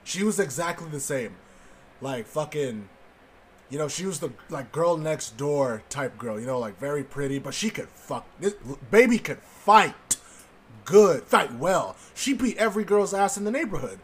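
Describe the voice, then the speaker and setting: A man's voice: on the high side, moderate pace, a little hiss or hum. A man in his twenties casually telling a story from his childhood, swearing often and laughing at his own story. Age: 20s. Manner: profane, laughing, animated storyteller.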